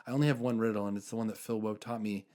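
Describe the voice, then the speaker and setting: Earnest low-voiced man telling stories. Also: steady tone, rapid-fire. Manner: earnest storytelling, many fillers, trails off softly. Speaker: podcast host. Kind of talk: casual faith chat.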